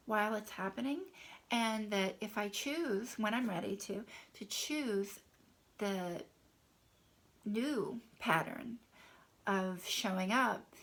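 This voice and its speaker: A woman guiding a tapping exercise, speaking affirmations in a soft, half-whispered breathy voice between plain explanations. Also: mid-range voice, low-quality recording. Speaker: tapping coach. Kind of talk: guided tapping instruction.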